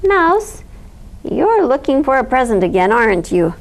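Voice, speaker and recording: A woman voicing a stern, proper male bear in a picture-book read-aloud, pompous and slow. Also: high-pitched, sing-song, exaggerated voice. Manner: pompous and declaring, drawn-out words.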